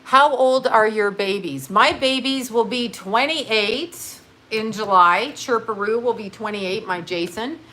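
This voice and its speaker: A woman's voice: fairly high pitch, a little slow, bright, forceful tone, slight background noise. A woman in her fifties hosting a casual livestream, chatting bluntly and with plenty of profanity while she does her nails. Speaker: livestream host. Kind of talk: casual rambling livestream chat.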